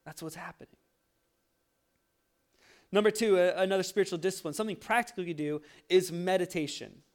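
Animated young male pastor telling a story. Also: high-pitched, fairly quick. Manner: storytelling, animated, self-mocking with laughs. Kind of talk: sermon.

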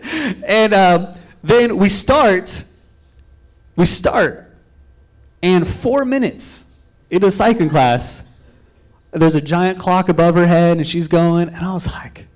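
A man's voice: high voice, moderate pace. A young man giving a loose, rambling sermon as a pastor, telling a story and acting out quotes of himself and others. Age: young adult. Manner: loose, rambling with frequent fillers and restarts.

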